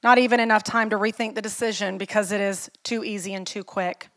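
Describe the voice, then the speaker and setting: A woman's voice: mid-range voice, fairly even intonation, fairly quick, fairly bright tone. A middle-aged woman pastor preaching a sermon in an earnest, personal way, telling stories and asking the listeners questions.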